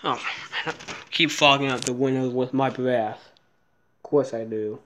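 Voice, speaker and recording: A man filming a casual handheld vlog, jittery and muttering to himself, swearing often, sometimes dropping into soft baby talk to a cat. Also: mid-range voice, fairly even intonation, measured pace, slight background noise. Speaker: vlogger.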